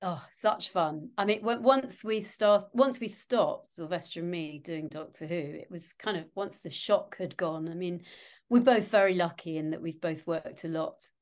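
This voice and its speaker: A woman's voice: on the low side, moderate pace. A middle-aged woman, an actress, chatting as an interview guest and telling self-mocking anecdotes.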